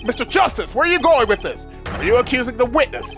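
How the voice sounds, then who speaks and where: A game player voicing a flustered old male judge who shouts for order, over game music. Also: medium pitch, sing-song, fast talker. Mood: exasperated.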